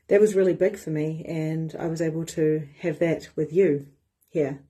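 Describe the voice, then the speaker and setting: A woman with a New Zealand accent, a spiritual mentor and coach, reflecting in an animated, casual monologue and swearing freely. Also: deep voice, normal speed, slightly rough.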